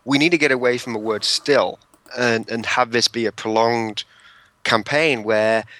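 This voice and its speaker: Bright-toned man chatting. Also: medium pitch, fairly even intonation, measured pace, no echo. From England. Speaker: podcast guest. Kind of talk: casual panel chat.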